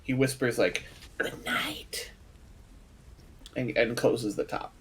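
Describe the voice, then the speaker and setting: Halting male tabletop player. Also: medium pitch, slightly rough. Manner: halting, filler-heavy describing. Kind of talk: casual tabletop play.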